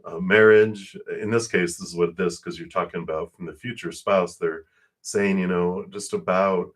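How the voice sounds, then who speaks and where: Fast-talking man with a low voice. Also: steady tone. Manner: fast, breathless spiritual talk with laughs. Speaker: tarot card reader. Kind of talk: live-streamed tarot reading.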